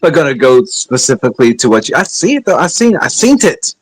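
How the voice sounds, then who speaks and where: Middle-aged male streamer, husky and rough-edged, loose rambling chat with lots of pitch movement. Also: very animated, brisk, no room sound, rough recording. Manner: laid-back, rambling, sighing, joking asides. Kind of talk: rambling casual livestream chat.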